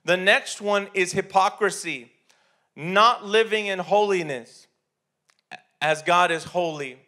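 A man's voice: sits high, slow, bright, forceful tone. A man preaching a sermon in a church, talking conversationally with many restarts and repeated words. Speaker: pastor.

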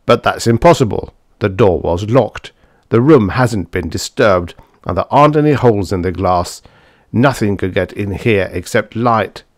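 Gruff harried supervisor in a sci-fi audiobook, low voice, forceful and curt, read by a man. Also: animated, moderate pace, no echo, clean studio sound, close to an everyday voice. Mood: baffled. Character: curt, harried male rocket port supervisor.

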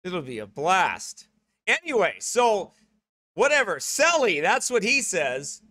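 Brief: middle-aged US pastor, high bright voice, dry close sound, chatty and rambling. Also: male voice, very animated, takes it slowly, no echo. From United States. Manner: rambling, joking asides. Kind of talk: church announcements before a sermon.

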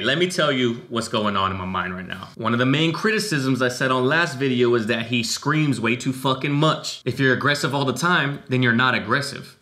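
A man giving casual, profane, animated commentary as he reacts to a rap song. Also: medium pitch. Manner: animated and profane, talks in a street slang register. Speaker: music reaction YouTuber.

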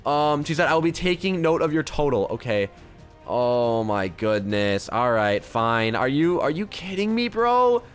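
A man doing excitable gameplay commentary as a video host, swinging from hushed murmurs to loud squeals. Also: fairly high pitch, normal speed, few pauses, faint music behind. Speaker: gaming YouTuber.

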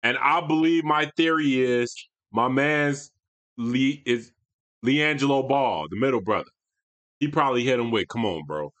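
A man's voice: medium pitch, unhurried, a bit bright, muffled recording. A young man giving casual, slangy reaction commentary on a basketball video, with mumbled asides. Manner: laid-back slangy banter, mumbles asides.

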